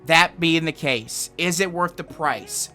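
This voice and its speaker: A man reviewing a video game in a casual, excitable way, swearing a lot and rambling. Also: fairly high pitch, takes it slowly, soft background music.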